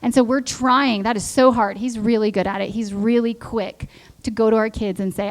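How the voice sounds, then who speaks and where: Middle-aged female church speaker, conversational sermon delivery, animated storyteller who voices quotes. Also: a little high, moderate pace.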